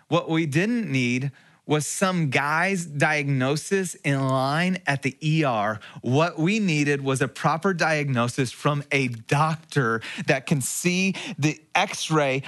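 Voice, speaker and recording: Storytelling pastor, a man with a higher voice. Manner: storytelling with swings between hushed and raised passages. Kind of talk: sermon.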